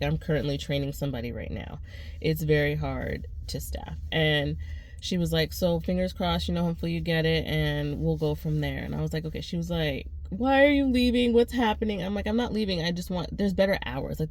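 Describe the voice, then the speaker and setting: A young adult woman telling a story casually, talking fast with restarts and acting out what others said. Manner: animated, quotes people with rising pitch; fast, with restarts and repeated phrases.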